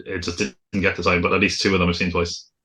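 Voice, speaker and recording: A man's voice: deep voice, monotone, fast, pushed and bright. A man with a Cork Irish accent, co-hosting a casual film podcast in an easygoing, self-mocking way. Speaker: podcast co-host.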